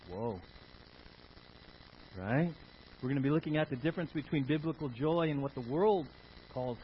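An animated male preacher with a high, lively voice that swings up and down as he quizzes his congregation. The sermon recording is dull and muffled, with faint hiss behind him. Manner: animated preaching with call-and-response questions. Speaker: pastor.

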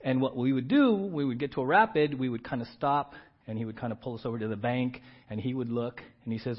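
A middle-aged man preaching a sermon, telling a story and acting out shouted commands with rising pitch and volume. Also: fast. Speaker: pastor. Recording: dull, slightly lo-fi church audio.

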